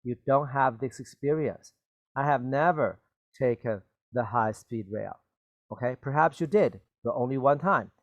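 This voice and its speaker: A man gives an English grammar lesson in a slow, deliberate manner, stressing key words and repeating example sentences. He keeps checking that students follow. His voice sits at a middle pitch and sounds close and dry. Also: no echo, lo-fi sound. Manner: patient and repetitive, checks in with "okay?" and "right?". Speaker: English teacher. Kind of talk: grammar lesson for Chinese-speaking learners.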